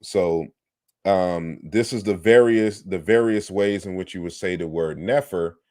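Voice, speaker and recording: A man's voice: sits low, measured pace, warm tone, no room sound, clean studio sound. A man giving an online lecture on word comparisons, explaining patiently and turning combative toward critics. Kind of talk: online lecture on historical linguistics.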